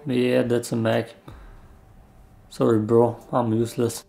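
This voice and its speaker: Brief: unhurried gamer guy, dark gravelly tone, muttering play-by-play, faint background music. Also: medium pitch, fairly even intonation. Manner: mumbling, self-deprecating play-by-play. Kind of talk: casual gameplay commentary.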